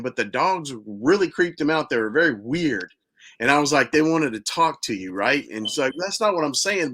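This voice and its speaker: A man's voice: fairly high pitch, bright, forceful tone. A man hosting a podcast, chatting casually and prompting his guest. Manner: easygoing, prompting. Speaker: podcast host. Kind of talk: casual chat.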